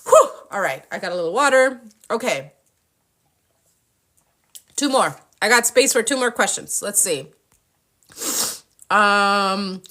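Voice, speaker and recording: A woman's voice: mid-range voice, bright, forceful tone. A young adult woman hosting a spiritual live stream with tarot readings, talking passionately and casually, swearing often and acting out playful impressions.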